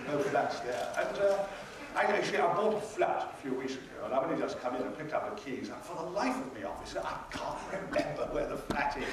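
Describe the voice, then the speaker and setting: Speaking quickly with few pauses, this older man uses a fairly high, animated voice to deliver a wry, theatrical story at a convention panel, voicing the other characters as he goes. The audio was recorded from a distance in the audience, so the hall is echoey with background noise.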